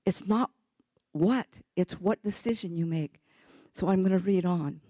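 A male pastor preaching a sermon, impassioned, swinging from loud peaks to hushed near-whispers, with loose, chatty restarts and asides. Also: high voice, a little slow, no room sound.

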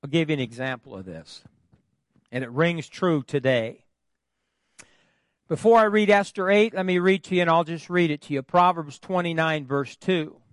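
A man's voice: a little high, normal speed, no room sound. A man preaching a sermon from the pulpit, calling for answers from the congregation, with folksy humorous asides. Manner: call-and-response with the congregation. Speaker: pastor. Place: church, at the pulpit.

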